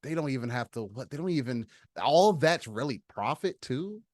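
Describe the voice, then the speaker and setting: A man with an ordinary mid-range voice chimes in with quick agreement on a casual podcast. The room sounds dry and close. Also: mid-range voice, animated, a little mellow, dry recording. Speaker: podcast co-host.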